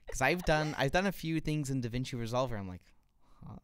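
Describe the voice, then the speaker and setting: A man's voice: medium pitch, expressive, brisk, a bit bright, clean tone, no echo, clean studio sound. A man co-hosting a podcast in casual chat, jokey and playful, telling stories animatedly. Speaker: podcast co-host.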